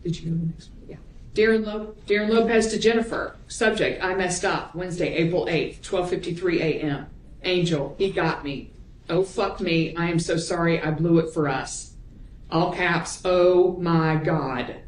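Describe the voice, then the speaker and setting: A woman prosecutor examining a witness in court, reading emails aloud in a measured, plain way. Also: on the low side. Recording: roomy courtroom audio.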